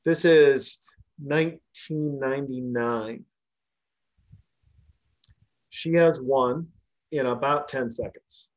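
A man's voice: mid-range voice, slow pace, pauses often. A man who once tended bar, telling stories in a casual chat, swearing freely and acting out the people in them. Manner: animated, swears freely, acts out quoted people. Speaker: podcast co-host, former bartender.

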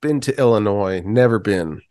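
A man's voice: on the low side, normal speed, dark tone, no echo, clean studio sound. A man co-hosting a podcast, trading crude, mocking jokes in casual comedic chat. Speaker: podcast co-host.

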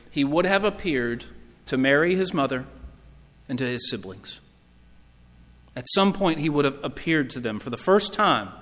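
A man preaching a sermon, telling the story with swings between loud, lively lines and hushed ones. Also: on the high side, big-room sound.

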